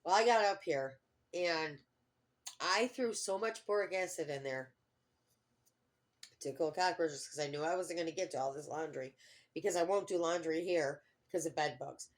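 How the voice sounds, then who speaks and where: A woman's voice: sits low, moderate pace. Rambling middle-aged woman telling a story. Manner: rambling, full of fillers and restarts. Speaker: vlogger. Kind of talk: casual storytelling vlog.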